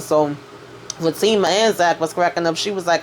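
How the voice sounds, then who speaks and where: A woman's voice: on the low side, moderate pace, a little hiss or hum. A woman doing a casual spoken recap of a TV episode, retelling scenes by quoting the characters in a loose, chatty way with lots of "you know what I'm saying.". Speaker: TV recap vlogger.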